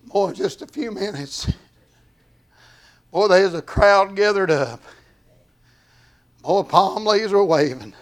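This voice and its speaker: An older man preaching an old-time sermon, swinging from hushed talk to shouting in a sing-song way, with a gravelly voice. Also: high-pitched, slow pace, long pauses.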